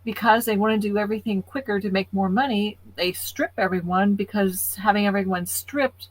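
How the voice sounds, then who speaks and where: A woman co-hosting a podcast, explaining her points in an earnest, measured way. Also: mid-range voice, steady tone, dry recording, poor audio. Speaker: podcast co-host. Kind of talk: casual podcast talk.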